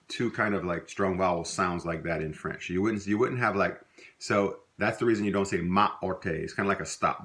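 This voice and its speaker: A middle-aged man with a Louisiana accent gives a casual spoken language lesson. His voice sits very low. He rambles easily, using fillers and correcting himself mid-sentence. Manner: relaxed, rambling, with many fillers and self-corrections. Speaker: language teacher.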